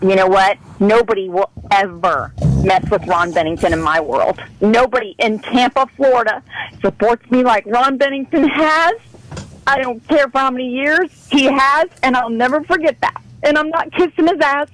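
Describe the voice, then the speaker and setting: Brief: fired-up female radio caller, high voice, pleading and profane. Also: normal speed, a bit bright, poor audio. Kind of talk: call-in radio rant.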